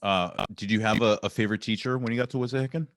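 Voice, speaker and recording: A man hosting a podcast who asks questions in a halting, hesitant way. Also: fairly low pitch, fairly even intonation, a bit bright, no echo, clean studio sound. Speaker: podcast host. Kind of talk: casual interview.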